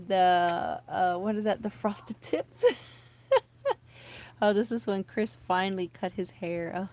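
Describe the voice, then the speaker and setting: A woman's voice: medium pitch, fairly even intonation, takes it slowly, darkish tone, a little hiss or hum. A woman in her thirties, a vlogger, rambling chattily and nervously to camera with many fillers and restarts. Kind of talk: casual rambling chat to camera.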